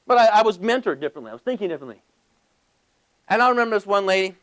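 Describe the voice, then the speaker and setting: A man giving a motivational talk to a live audience, animated, asking the crowd questions and acting out little scenes. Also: high-pitched, brisk, long pauses. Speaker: motivational speaker.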